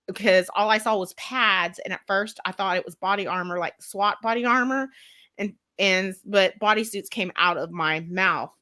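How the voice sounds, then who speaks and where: Bright, chatty Texan woman. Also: medium pitch, no echo. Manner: chatty, rambling, laughs often. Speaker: co-host of a live stream. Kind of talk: casual live-stream chat.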